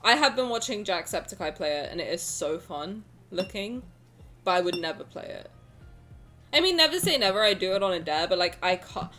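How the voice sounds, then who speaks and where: A young woman streamer chatting casually with her viewers, playful and rambling, with sudden loud bursts. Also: medium pitch, big pitch swings, a little fast, soft background music. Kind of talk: casual chat with live chat.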